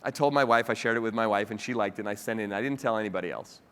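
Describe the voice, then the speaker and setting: A man's voice: on the low side, very fast, clean tone. A man giving a keynote speech, telling a personal story with feeling and acting out the voices of the people in it. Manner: lively storyteller who acts out quoted dialogue. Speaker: keynote speaker. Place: large hall with a live audience. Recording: long hall reverb.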